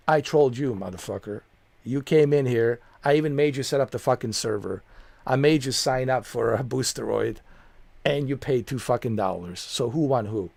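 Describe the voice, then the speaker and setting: In a dry recording, a man streaming from home rants at a viewer with heated, confrontational profanity and repetition, speaking into a close desk mic. His voice is mid-range, creaky, and a little mellow.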